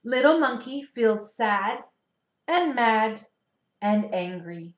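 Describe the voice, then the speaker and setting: A preschool teacher reads picture books aloud in a gentle, sing-song way, stopping to ask the children questions. Her voice sits a little high for a woman, and it rings in a roomy, echoey space. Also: lively intonation, takes it slowly. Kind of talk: storybook read-aloud for young children.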